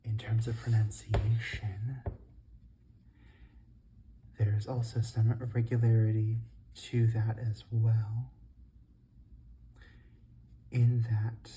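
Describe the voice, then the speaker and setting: An ASMR host softly whispering through a study session, carefully sounding out each word. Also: medium pitch, flat delivery, slight background noise. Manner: slow, soft, carefully sounding out words.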